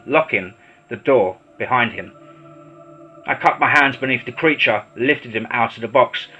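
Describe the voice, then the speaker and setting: A man narrating a horror story in a steady, dramatic storytelling voice. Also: medium pitch. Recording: slightly dull lo-fi audio with faint music.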